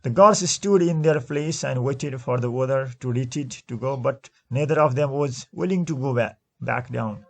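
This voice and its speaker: A male teacher going over textbook exercise answers slowly, repeating and correcting himself as he explains. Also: mid-range voice, gravelly. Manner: slow, repetitive, restates answers with frequent self-corrections. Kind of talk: classroom lesson going through textbook exercises.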